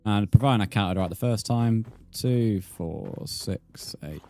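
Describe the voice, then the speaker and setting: A man's voice: fairly low pitch, animated, measured pace, warm tone. A British man chatting casually while livestreaming a game, swearing freely and muttering counts under his breath. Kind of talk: casual gaming livestream chat.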